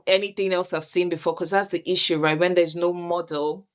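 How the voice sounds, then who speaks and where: A woman's voice: lowish voice, fairly even intonation, fairly quick. A woman hosting a reflective faith conversation, talking earnestly and searching for her words with many restarts. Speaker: host.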